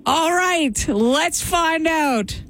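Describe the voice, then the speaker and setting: A woman hosting a radio call-in contest, bubbly and quick to laugh. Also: very high voice, lively intonation, fairly bright tone. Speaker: radio host. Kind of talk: upbeat radio contest chat. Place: radio studio.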